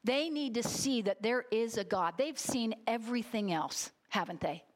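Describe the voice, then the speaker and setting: A woman's voice: a little high, expressive, normal speed. A middle-aged woman preaching a sermon, telling a story with emphatic, heartfelt delivery and getting choked up at times. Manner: storytelling, emphatic, gets emotional.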